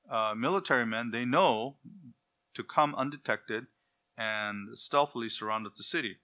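A man delivers an expository sermon in a bright, forceful tone at a medium pitch. He explains Hebrew words and lifts his voice when he quotes scripture. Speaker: preacher.

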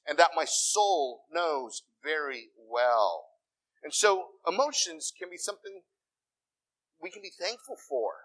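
A middle-aged man preaching a sermon in a conversational way, with asides and quick self-corrections. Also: a little high, fairly bright tone, low-quality recording. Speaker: pastor.

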